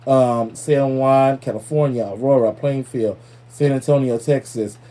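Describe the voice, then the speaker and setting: A man hosting a podcast in loose, profane, playful casual chat, giving listeners shout-outs. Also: medium pitch, fairly even intonation, a little slow. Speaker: podcast host.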